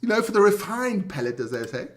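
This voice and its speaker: A man co-hosting a sports chat show from South Africa, loud and jokey, swearing and greeting his chat viewers. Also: sits high, very animated, quick pace.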